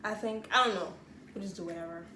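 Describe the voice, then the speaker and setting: A woman's voice: mid-range voice, fast talker, sharp tone, a little hiss or hum. Rambling woman vlogger. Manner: rambling, self-mocking. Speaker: vlogger host. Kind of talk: casual vlog chat. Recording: echoey room with music playing.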